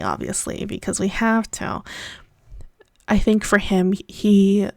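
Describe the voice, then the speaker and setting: A woman's voice: medium pitch, very animated, takes it slowly, gravelly, a little mellow, no room sound, studio quality. A young adult woman hosting her podcast, talking in a candid, rambling and tangential personal monologue. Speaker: podcast host.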